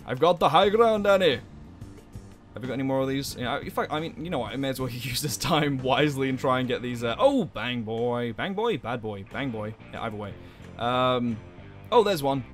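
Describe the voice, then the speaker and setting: A young man hosting a let's play, commenting in an animated, jokey way and swearing a lot. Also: mid-range voice, fairly quick. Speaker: gaming channel host. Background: game music.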